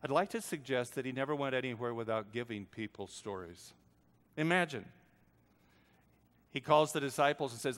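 An older man preaching a storytelling sermon, swinging between hushed and loud lines. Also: mid-range voice, normal speed, pauses often, in a large hall. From United States.

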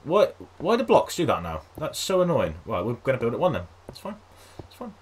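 A man giving casual let's-play commentary on a game, chatting to his viewers and coaxing animals along in a high sing-song voice. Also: huge pitch swings, fairly quick, husky. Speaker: gaming video host.

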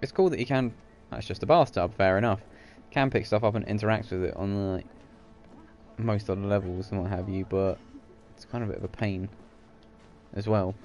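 Let's-play host, lower voice, goofy running commentary. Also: male voice, normal speed, a little mellow, faint music behind. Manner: jokey, silly asides. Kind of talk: gaming commentary.

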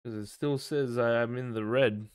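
A man's voice: medium pitch, fairly even intonation, normal speed, a little hiss or hum. A man streaming a video game live, chatting and thinking aloud as he plays. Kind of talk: casual live-stream commentary.

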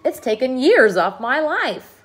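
A woman's voice: high-pitched, big pitch swings, a little slow, voice pushed up. A woman voicing a polite, anxious female ladybug in a storybook reading. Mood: fretful.

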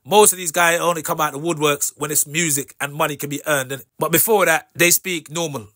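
A man's voice: fairly high pitch, steady tone, a little fast, bright, forceful tone, dry recording, studio quality. A man hosting his own vlog, talking straight to camera in casual street slang and ending lines with "innit". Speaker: vlog host. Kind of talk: direct-to-camera commentary.

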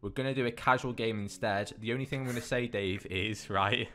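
A man hosting a gaming video, giving excitable gameplay commentary, swearing constantly and bursting into yells. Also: medium pitch, a little fast.

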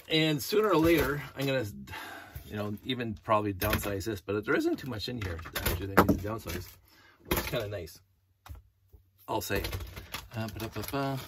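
A man's voice: on the low side, very noisy. A middle-aged man talking in a casual, rambling monologue, going off on tangents and humming to himself. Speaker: hobbyist vlogger.

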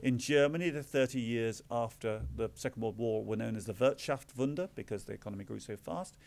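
A man's voice: mid-range voice, fairly quick, vocal fry, a little mellow. A middle-aged Englishman giving a public talk as a visiting author, explaining with dry, self-deprecating asides. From England. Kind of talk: public lecture.

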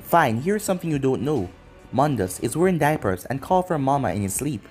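A man's voice: medium pitch, sing-song, brisk, a little mellow, faint music behind, lightly acted. A man voicing a seductive, scheming demoness witch with a sardonic, teasing manner. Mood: sly.

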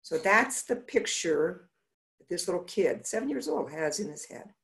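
A woman's voice: on the low side, normal speed, creaky. A middle-aged woman optometrist giving a conference talk, telling patient stories and acting out the dialogue. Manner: animated, acts out patients' dialogue.

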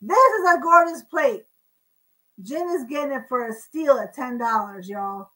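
A woman's voice: high-pitched, expressive, a little slow, pushed and bright, rough recording. A woman hosting a live online auction in a chatty, casual way, describing items and counting down bids. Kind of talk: casual live-stream selling.

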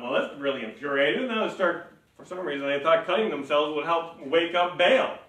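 A bright, forceful man preaches a lively sermon, laughing easily and throwing on mocking voices for the stories. His voice rings through a roomy church hall, picked up from some distance off the mic. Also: a little high, normal speed. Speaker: pastor. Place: church sanctuary.

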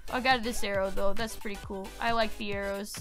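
A woman streamer giving excitable live gaming commentary to her chat, swearing and yelling when frustrated. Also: mid-range voice, a little fast, soft background music.

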